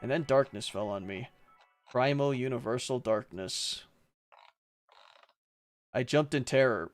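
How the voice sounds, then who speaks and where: A man of ordinary pitch reads a visual novel's narration and dialogue aloud for his stream. He stops now and then for a joke and a laugh, with faint game music playing behind him. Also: unhurried, long pauses. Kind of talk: playful read-aloud of game text with commentary.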